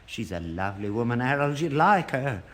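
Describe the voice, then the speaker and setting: A man's voice: medium pitch, very animated, moderate pace, fairly bright tone. An actor playing a gullible elderly father who talks earnestly about seances, in a broadcast sitcom. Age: older. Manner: earnest, credulous, indignant.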